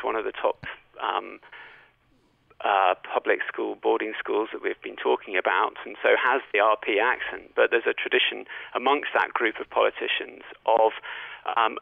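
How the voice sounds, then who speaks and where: A male language professor with a British Received Pronunciation accent, explaining in a measured, scholarly way with frequent fillers, heard over a phone line. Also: lowish voice, gravelly, no echo. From Britain. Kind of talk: explanatory interview talk.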